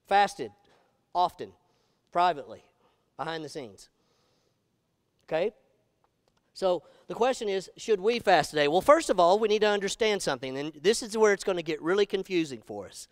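A pastor preaching in a high, smooth, resonant voice. He is animated and emphatic and keeps asking his congregation questions. The sound is dry and close. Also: normal speed, pauses often, no room sound. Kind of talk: sermon. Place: church sanctuary.

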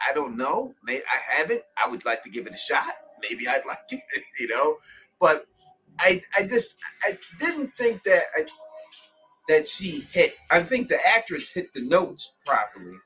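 A man chats as a guest on a livestream. His pitch swings widely and his tone is bright. He tells stories with energy and acts out the lines he quotes. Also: poor audio. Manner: animated storyteller, acts out quotes. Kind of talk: casual livestream chat.

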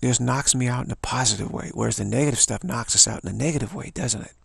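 Older male vlogger, rasping and gravelly, stammering musings, dry close recording. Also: mid-range voice, fast, no room sound. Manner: musing, stammering repeats, tag questions. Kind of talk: rambling spoken monologue.

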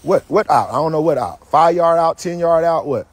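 Husky man barking football drills. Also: on the high side, normal speed, dry recording. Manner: loud, teasing, energetic barked commands. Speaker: football coach. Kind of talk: coaching drills with trash talk.

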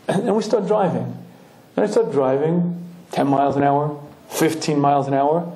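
Throat-clearing male Torah lecturer, mellow tone. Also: fairly high pitch, moderate pace. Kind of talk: animated storytelling lecture. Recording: roomy echoing hall.

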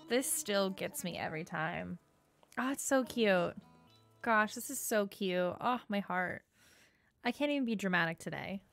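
A young woman giving casual gameplay commentary, bubbly and gushing, with lots of filler words. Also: medium pitch. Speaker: gaming YouTuber. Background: soft game music.

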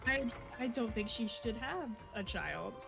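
Young woman, twenties, high-ish voice, animated rambling storyteller on a gaming stream, music under. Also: measured pace, vocal fry. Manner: animated, rambling, laughs often. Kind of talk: casual storytelling while gaming. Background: game music.

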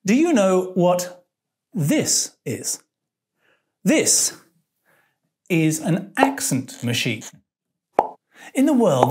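A woman's voice: on the low side, darkish tone. A woman presenting an English lesson in a playful way, with hesitant fillers and puzzled asides. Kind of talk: scripted educational presentation.

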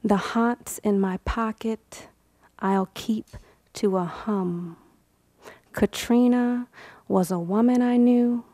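A woman's voice: fairly high pitch, takes it slowly, mellow, dry recording. A woman poet reading her work at a live event, in rhythmic, incantatory repetitions that at times drop to a whisper, with casual, laughing chat between poems.

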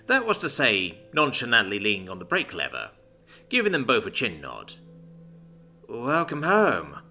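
A male narrator reads a fantasy story with a bright, forceful tone. His pitch swings widely and animatedly, and soft music plays behind him. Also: moderate pace, creaky. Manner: expressive storytelling. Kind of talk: scripted narration.

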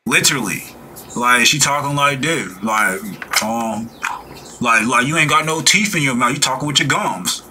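A man's voice: mid-range voice, lively intonation, unhurried, pushed and bright, a little hiss or hum. A man hosting a reaction video, talking in a casual, mocking way and laughing often.

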